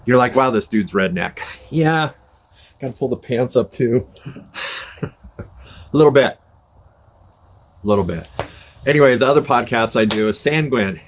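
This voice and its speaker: A folksy older podcast host rambles and pokes fun at himself in a casual chat to the camera, seated by a fire on his front porch. His medium-pitched voice has a slightly bright quality. Around him are the sounds of a crackling fire and cars driving past.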